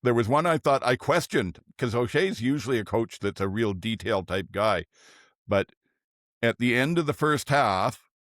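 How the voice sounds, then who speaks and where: A man's voice: lowish voice, no room sound, clean studio sound. An older man hosting a podcast, chatting casually about football and thinking aloud as he goes. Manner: relaxed, thinks aloud with restarts. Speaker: podcast host. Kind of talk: casual sports chat.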